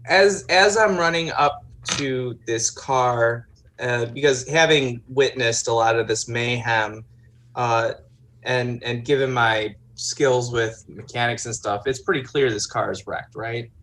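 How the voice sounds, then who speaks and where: A man's voice: mid-range voice, measured pace, fairly bright tone, slight background noise. A man playing a tabletop game, thinking aloud with hesitations. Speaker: player.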